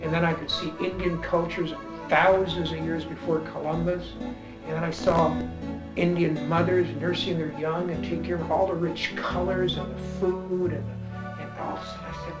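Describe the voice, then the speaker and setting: A middle-aged man, an author, tells a reflective personal story with earnest sincerity, his voice a little high and fairly flat in pitch at a normal speed. When emotion catches him he stumbles over repeated words, and music plays softly beneath him.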